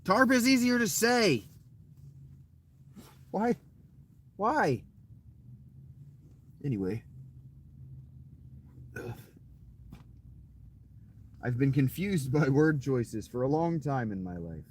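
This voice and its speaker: A man's voice: on the high side, big pitch swings, very slow, pauses often, slight background noise. A man chatting casually with his viewers in a boastful, crude, rambling way. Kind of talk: casual live chat with viewers.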